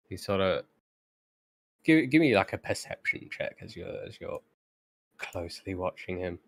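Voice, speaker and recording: A man running a tabletop game as game master, narrating with many halting fillers. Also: low voice, lively intonation, vocal fry, a bit bright, dry recording.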